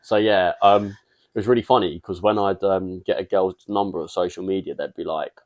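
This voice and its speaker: This young English podcast co-host is laid-back, laughing often as he rambles through stories in a casual chat. He has a low-pitched, a little mellow voice with fairly even intonation and a brisk pace.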